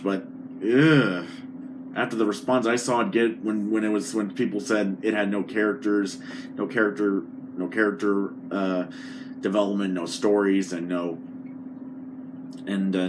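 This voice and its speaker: Rambling low-voiced man vlogging over noise. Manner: rambling, halting, with frequent restarts and fillers. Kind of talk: casual rambling monologue. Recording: noticeable background noise.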